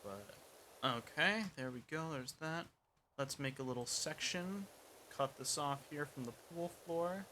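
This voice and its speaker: A man's voice: on the high side, expressive, unhurried, pushed and bright, slight background noise. A young man chatting casually while streaming a game, rambling and poking fun at himself as he mutters along. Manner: rambling and self-mocking, mutters while playing. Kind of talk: casual gameplay chat.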